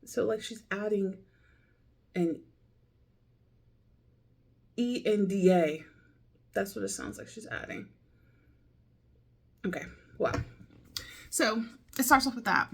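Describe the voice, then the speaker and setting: Woman, casual diary talk, unhurried, rambling, mid-range pitch. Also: vocal fry, husky. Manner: thinking aloud, loose and rambling. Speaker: language learner.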